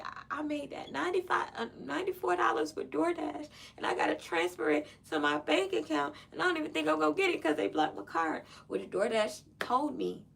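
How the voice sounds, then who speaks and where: A woman's voice: high-pitched, fairly quick, creaky, few pauses, a bit bright. A woman hosting a podcast from her own room, telling a story casually to listeners and acting out both sides of phone calls with lots of animation. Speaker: podcast host.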